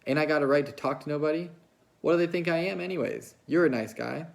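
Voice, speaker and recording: A man reading a novel aloud, putting on the voice of a lonely, restless young ranch wife who talks in a coaxing, hurried way. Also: mid-range voice, animated, creaky, a little mellow. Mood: resentful. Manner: coaxing, fast, pleading.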